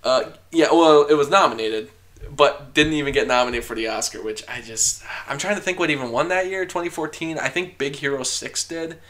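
A man's voice: fairly high pitch, brisk, fairly bright tone. A man chatting casually as a podcast host, opinionated and talkative, with frequent fillers and laughs. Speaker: podcast host discussing film awards. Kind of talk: casual chat.

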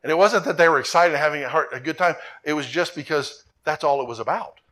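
Earnest preaching man, fairly high voice. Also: quick pace, pushed and bright. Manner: earnest, repeats himself, rising to emphatic peaks. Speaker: pastor. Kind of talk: sermon.

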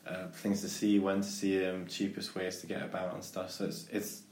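A man's voice: sits low, completely flat delivery, normal speed, a little mellow, reverberant. A man casually chatting and telling a rambling anecdote, full of restarts and fillers.

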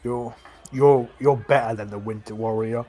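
A man voicing a big, soft-hearted young male fighter who stammers with emotion. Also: mid-range voice, fairly even intonation, normal speed, lightly acted. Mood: tearful thanks.

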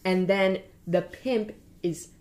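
A woman's voice: mid-range voice, slow. Chatty young woman recapping a story. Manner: chatty, animated retelling with acted quotes.

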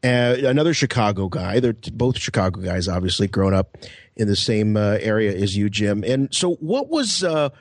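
Male podcast host, casual storyteller, lively and fairly high. Dry close sound. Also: moderate pace, no room sound. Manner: animated, laughing, acts out voices.

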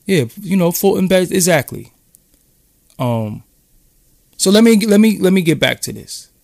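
A man's voice: high-pitched, sing-song, measured pace, gravelly, darkish tone, dry recording, studio quality. A man from Brooklyn with a New York accent, rambling in casual, profane street talk as he hosts a live-stream chat. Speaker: podcast host.

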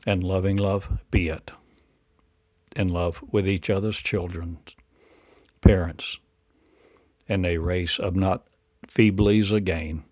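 A man's voice: low voice, fairly even intonation, slow, long pauses, a little mellow, no echo. A man delivering a rambling spiritual monologue in incantatory, repetitive declarations and rhetorical questions.

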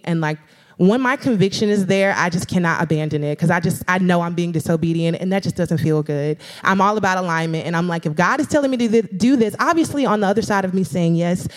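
A young woman, a guest speaker, telling her story in a casual, slangy way and acting out quoted voices, at a live stage event. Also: fairly low pitch. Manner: animated, quotes herself and others in lively put-on voices; casual, slangy speech with frequent "like" and "girl".

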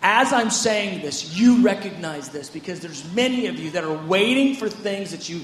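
Man, pastor, sermon, high-pitched voice, conversational, acts out scripture quotes, echoey room, faint background hum. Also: expressive, moderate pace.

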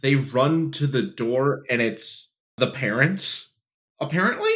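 A man's voice: medium pitch, lively intonation, slow pace, a bit bright. A man co-hosting a podcast, recapping a horror movie in casual chat with dry jokes and casual swearing. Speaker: podcast co-host.

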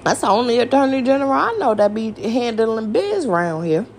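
A woman's voice: fairly high pitch, big pitch swings, a little fast, vocal fry, hardly any pauses, darkish tone, slight background noise. A woman hosting a podcast, ranting in a casual, exasperated, profane way and firing off rhetorical questions. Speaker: podcast host. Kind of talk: casual rant.

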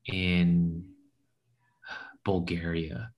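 A man's voice: extremely slow, dull audio. A man in casual conversation who tells rambling anecdotes full of "like" and acts out the quoted voices. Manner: rambling storyteller who acts out quotes with animated jumps in pitch. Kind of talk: casual chat.

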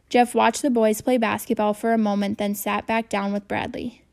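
A woman reading a children's novel aloud in a steady, even storytelling manner. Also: medium pitch, normal speed, creaky. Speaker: audiobook reader.

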